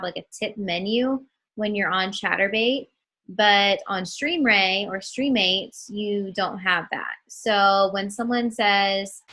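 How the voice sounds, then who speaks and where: A woman runs a group training call over her computer mic. She talks slowly and casually, filling pauses with ums, and her voice is bright and forceful. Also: mid-range voice, rough recording. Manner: slow and chatty, many ums, addresses listeners as guys. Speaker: trainer for new webcam models.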